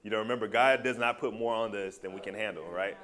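A man sharing a personal testimony with a small group, telling his story in a loose, animated and heartfelt way. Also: on the low side, fast talker.

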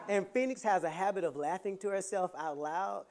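A preacher delivers a motivational sermon laced with playful humor, swinging between soft asides and loud, emphatic lines. His voice is mid-range and his speed normal.

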